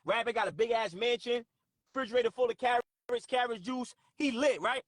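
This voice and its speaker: Male stream host, cursing, forceful, very high voice, dry close sound. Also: fairly quick, no room sound. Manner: profane, forceful, preachy. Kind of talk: live stream talk with callers.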